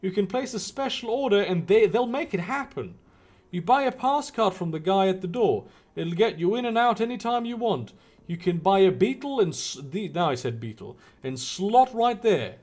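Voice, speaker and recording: Slick, pushy chip dealer in a game, lively high patter, read by a man. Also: normal speed. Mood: salesy. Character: pushy street dealer man hawking chips.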